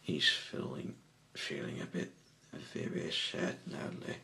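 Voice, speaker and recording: A man reading a children's story aloud in an unhurried amateur style, often stumbling and rephrasing. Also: background noise. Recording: echoey room.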